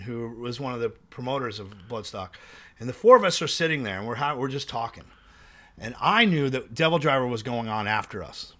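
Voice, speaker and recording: A man telling animated, profane tour stories in a casual chat. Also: mid-range voice. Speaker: guest musician.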